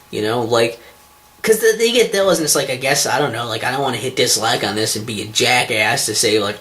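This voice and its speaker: A man's voice: mid-range voice, big pitch swings, brisk, fairly bright tone. A man hosting his own online show, talking to camera in a rambling, sarcastic, self-deprecating way, swearing often, with lots of ums and restarts. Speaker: vlogger, show host.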